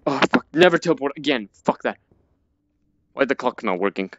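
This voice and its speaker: A man's voice: medium pitch, animated, fairly quick, a little hiss or hum. A man commentating a VR horror game, jumpy and panicky, swearing and muttering to himself as he plays. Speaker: gamer playing a VR horror game. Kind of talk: let's play commentary. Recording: dull lo-fi dry recording.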